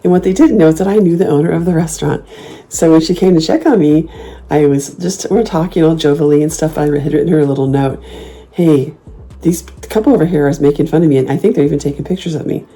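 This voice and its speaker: A female host tells stories in a casual chat, sassy and animated, laughing often and breaking into loud, high-pitched mock comebacks. Her voice is husky and she talks at a quick pace.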